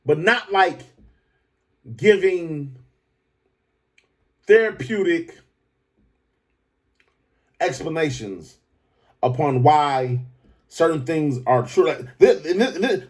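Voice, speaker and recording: A man hosting a podcast, talking in a loose, profane, animated commentary style that keeps jumping up into excited high pitches. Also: slow, long pauses. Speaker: podcast host. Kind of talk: casual commentary monologue.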